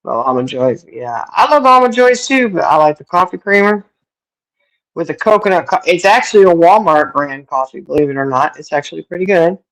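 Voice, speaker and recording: Chatting casually on her livestream, this middle-aged host laughs a lot while responding to viewers through a streaming mic. She has a fairly low, expressive voice and a brisk pace, captured in a rough recording.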